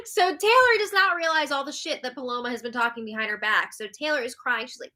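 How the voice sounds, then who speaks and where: A woman hosting a live reality-show recap, animated and exasperated as she reads out viewer comments. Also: fairly high pitch, a little fast. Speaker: host.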